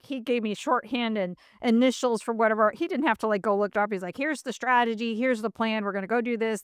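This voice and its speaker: A middle-aged woman hosts a podcast in a fairly high voice, telling her story in a lively, chatty way full of fillers and little acted-out quotes. The sound is dry and close, with no room around her. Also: no room sound. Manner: animated, acts out quoted voices, many fillers. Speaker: podcast host. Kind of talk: casual storytelling in an interview.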